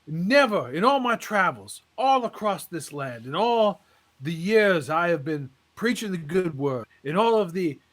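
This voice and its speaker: A man voicing a showy, fervent male tent-revival preacher in a pompous preaching cadence with drawn-out pauses. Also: sits high, sing-song, fairly bright tone, exaggerated voice. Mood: solemn build-up.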